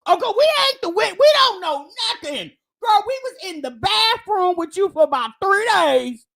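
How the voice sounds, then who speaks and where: A woman hosts a comedic live stream. Her voice sits very high and sounds bright and sharp, and her pitch swings widely as she teases her guest with loud banter. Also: expressive, moderate pace. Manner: loud teasing banter, mimics stammering. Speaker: livestream commentator.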